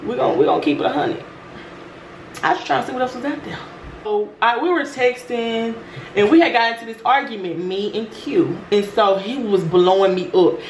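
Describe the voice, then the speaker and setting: A woman vlogger telling a story in a brash, profane, animated way. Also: fairly high pitch, fairly quick. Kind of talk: storytime chat. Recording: roomy room with faint noise.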